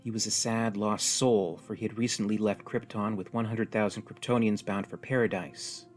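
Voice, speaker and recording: A man's voice: lowish voice, fairly even intonation, moderate pace, soft background music, natural voice. Jaded stranded young woman, tough and resigned, read by a male narrator. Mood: explaining. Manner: blunt, weary, resigned.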